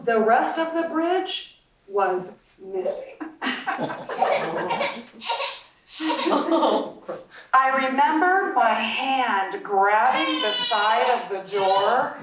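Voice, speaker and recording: A woman giving a personal storytelling speech at a club meeting, with dramatic pauses and laughing through the telling. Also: fairly high pitch, animated, over a noisy crowd. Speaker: club speaker. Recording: roomy, distant mic, faint noise.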